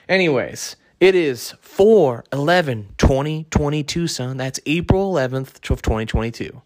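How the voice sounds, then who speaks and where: A man's voice: mid-range voice, lively intonation, slow. A young man hosting his own podcast, talking alone in a casual, blunt and heavily profane rant. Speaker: podcast host.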